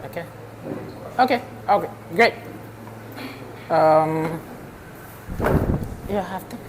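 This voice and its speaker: A woman's voice: fairly low pitch, darkish tone, a little hiss or hum. A woman hosting an event, moderating questions with hesitant ums and gracious thanks. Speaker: event host. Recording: reverberant hall.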